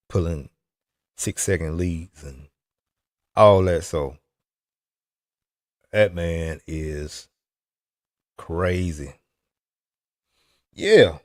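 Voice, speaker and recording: A man's voice: low voice, no echo, clean studio sound. A man talking loosely and teasingly in a casual chat about RC racing, with plenty of restarts. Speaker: RC racing vlogger.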